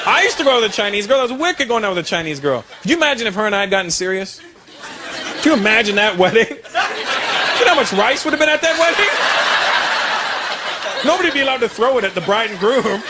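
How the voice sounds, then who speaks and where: Man from Canada, stand-up comic on stage, animated delivery, bright and lively, loud laughing audience. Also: high-pitched, fast talker, long pauses, very noisy. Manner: animated, conversational, punchline-driven. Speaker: comedian. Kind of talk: stand-up comedy. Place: comedy stage. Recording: live show with loud crowd laughter.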